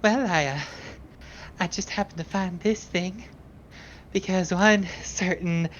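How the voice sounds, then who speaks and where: A woman's voice: fairly low pitch, takes it slowly, lo-fi sound, slight background noise, pitched above the performer's own voice. A woman playing a flustered, stammering young woman. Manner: nervous, stammering, sulky. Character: flustered, sheepish young woman caught snooping.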